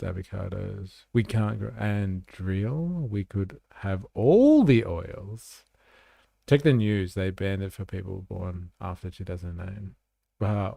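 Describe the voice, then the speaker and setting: A man's voice: lowish voice, creaky, mellow, no room sound, clean studio sound. A man hosting a casual livestream, chatting back to comments and saying "like" a lot. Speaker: livestream host.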